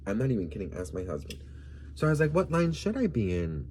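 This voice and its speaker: A man's voice: medium pitch, huge pitch swings, a little fast, darkish tone, slightly rough. A man of Colombian background from Miami, telling a gossipy story in a sassy, campy vlog style and calling the viewer "girl.". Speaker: vlogger.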